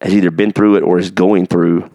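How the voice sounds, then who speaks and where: Gravelly low-voiced man hosting a podcast. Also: little pitch movement, a little fast, dark tone, dry recording, clean studio sound. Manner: earnest, rambling, asks for agreement. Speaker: podcast host. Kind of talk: casual podcast chat.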